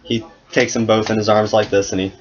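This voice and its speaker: A man's voice: lowish voice, little pitch movement, fairly quick. A man narrating as game master of a tabletop game in a casual, swearing way. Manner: casual, swearing, laughs at his own story. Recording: dull lo-fi sound with noise.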